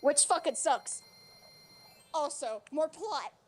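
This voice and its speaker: A woman livestreamer chatting casually while she plays, rambling in an animated way and swearing freely. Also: high-pitched, takes it slowly, faint music behind. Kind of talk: casual chat while streaming a game. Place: home streaming setup.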